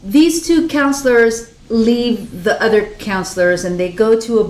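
Woman, casual film recap, higher voice, roomy echo. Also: measured pace, a little mellow. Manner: chatty, acts out lines in put-on voices. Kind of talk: casual movie recap chat.

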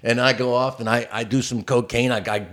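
A man's voice: mid-range voice, fairly quick. An older man tells a sprawling road story on a podcast, loose and conversational. He acts out the people in it, his voice leaping up for each. He sounds like a comic who has told this at many tables. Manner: animated storyteller acting out voices. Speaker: stand-up comic guest. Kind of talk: storytelling in casual podcast chat.

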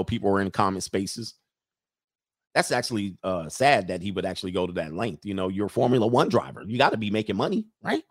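A man's voice: fairly low pitch, no room sound. Man, live stream host, reads chat comments, casual joking riffs, dry close sound. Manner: loose, joking, talks straight to the chat. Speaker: livestream host reading viewer comments.

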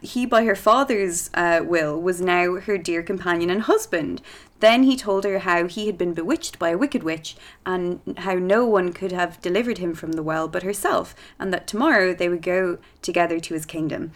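A woman's voice: on the low side, moderate pace. A woman reading a fairy tale aloud in a casual way, with playful asides and laughs. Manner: chatty, laughs between lines, playful asides.

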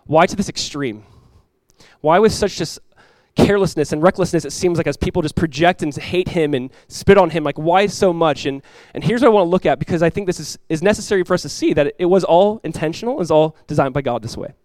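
A young man preaching a sermon, storytelling with animated asides. His voice sits a little high and moves at a rapid clip. The sound is close and dry. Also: no echo. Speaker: pastor.

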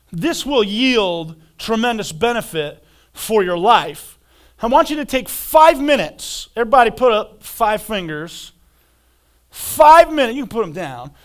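A male pastor in his thirties delivers a sermon in an unusually high voice. He preaches at an unhurried, deliberate pace, swings into animated quoted voices and often repeats words as he builds a point.

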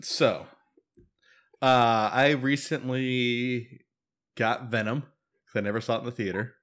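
A man's voice: medium pitch, steady tone, slow, fairly bright tone. A man hosting a podcast, asking the others questions and laughing easily. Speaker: podcast host. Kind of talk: casual chat.

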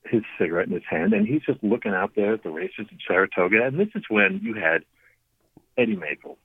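A man in his fifties tells family anecdotes as a radio guest, often restarting his sentences. His voice sits fairly low and sounds husky. It comes through a thin, tinny phone line with a dry sound. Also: a little fast, no room sound. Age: 50s. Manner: lively anecdotal storyteller with frequent restarts. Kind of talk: storytelling on a call-in interview.

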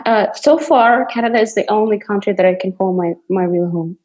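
A woman's voice: medium pitch, fairly quick, darkish tone. A young adult woman from Kazakhstan, an actress being interviewed, telling stories animatedly with many restarts and bursts of laughter. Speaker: actress guest. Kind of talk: casual interview conversation.

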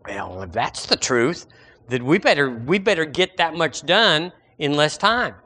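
A man preaching a sermon as pastor, animated and acting out the voices of his listeners. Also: on the high side, unhurried.

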